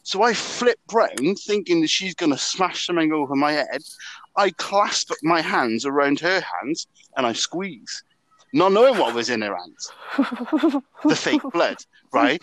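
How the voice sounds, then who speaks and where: A young Welsh man telling a story in casual chat, animated and swearing a lot. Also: sits high, measured pace, no room sound, rough recording. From Wales.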